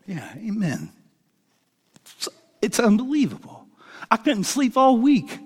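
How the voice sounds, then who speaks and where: Animated male pastor in a reverberant church. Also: high voice, unhurried, long pauses, husky. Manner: animated, excitable, acts out dialogue. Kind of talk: sermon with personal storytelling. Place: church sanctuary. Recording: long hall reverb from the church.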